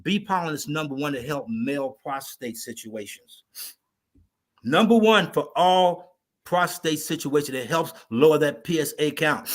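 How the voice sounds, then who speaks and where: A man speaking as a guest on a talk show, an animated storyteller who turns to address the host directly. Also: a little high, a little slow. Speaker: natural remedies advocate, guest.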